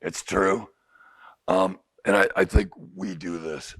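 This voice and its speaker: His voice is low, husky, and a bit bright, with a steady tone and a slow pace. He's a middle-aged addiction counselor addressing a recovery group in a recovery house group room, speaking candidly and often asking rhetorical questions.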